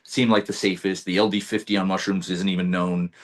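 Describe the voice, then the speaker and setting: Low-voiced man telling an animated story. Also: fast. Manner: animated, swears freely, acts out his own past lines. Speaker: podcast guest. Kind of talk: casual storytelling chat.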